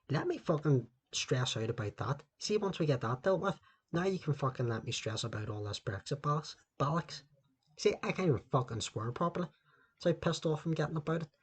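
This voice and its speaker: A man's voice: medium pitch, darkish tone, breathy edge. Sweary man ranting solo. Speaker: podcast host. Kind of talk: solo podcast rant. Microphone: laptop mic.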